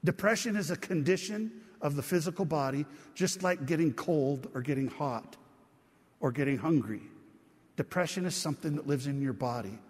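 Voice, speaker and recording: Conversational pastor preaching in reverberant church. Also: male voice, a little high, normal speed, a little mellow, breathy edge. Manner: conversational, calls out to the congregation. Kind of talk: sermon.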